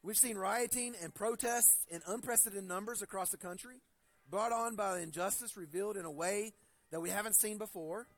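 A male pastor preaching a sermon. He reads scripture slowly and deliberately, then tells stories in a conversational way, often restarting his sentences. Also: high-pitched, a bit bright, no room sound. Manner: conversational storytelling with frequent restarts.

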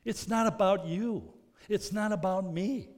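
A man preaching a sermon as pastor, earnest, moving between loud emphasis and soft, intimate passages. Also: high voice, unhurried. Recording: long reverb of a large hall.

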